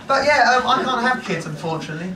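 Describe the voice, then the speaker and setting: Lad in his 20s doing stand-up, heard from far off in a roomy club, loud crowd. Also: very high-pitched, expressive, a little fast. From Essex, England. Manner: brash, swearing, self-mocking. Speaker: stand-up comedian. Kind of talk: stand-up comedy set. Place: comedy club stage.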